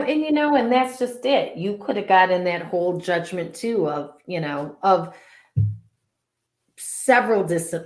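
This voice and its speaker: A woman's voice: on the low side, reverberant. A woman co-hosting a casual spiritual chat, talking loosely with many fillers and easy laughs. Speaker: co-host.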